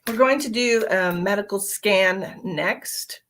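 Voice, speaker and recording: A woman's voice: mid-range voice, slow, fairly bright tone, a little hiss or hum. A tired woman, a psychic medium, chatting casually on a live stream and calling viewers by name while she gives readings.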